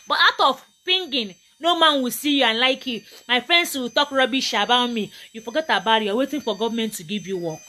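A woman's voice: high voice, pushed and bright. A Nigerian woman giving a motivational talk to camera, emphatic and preachy, often repeating her points. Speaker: motivational vlogger.

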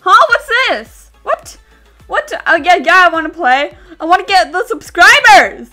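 Very high-pitched excitable gamer girl. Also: slow pace, soft background music. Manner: excitable, chatty, bursts into squeals and screams. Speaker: gaming YouTuber. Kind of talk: casual game commentary.

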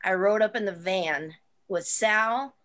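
A woman's voice: medium pitch, slow, a bit bright. Female wrestler guest, casual chat, rambling with fillers and restarts.

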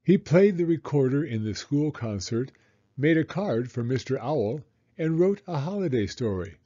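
Man, children's story read-aloud, animated pitch, muffled recording. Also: moderate pace. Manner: expressive, animated reading. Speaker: children's book reader.

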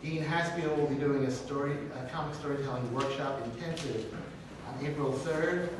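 A man hosting an event, reading announcements casually with hesitant fillers. He sounds far from the mic, in an echoey room with clear background noise. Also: on the high side, moderate pace. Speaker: host introducing a speaker.

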